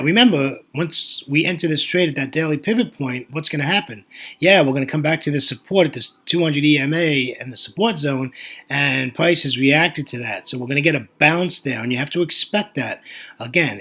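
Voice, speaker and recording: A man's voice: a little high, bright, forceful tone, breathy edge. A man commenting on currency charts in a chatty, folksy way, thinking aloud with fillers and restarts. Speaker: forex market analyst.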